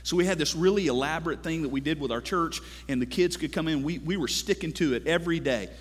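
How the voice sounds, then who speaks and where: A lively, high-pitched man preaches in a big church, his voice ringing with a long reverb off the hall. He is in his thirties, animated and joking, and keeps calling out to the congregation for an answer. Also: fast talker. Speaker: pastor. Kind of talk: sermon.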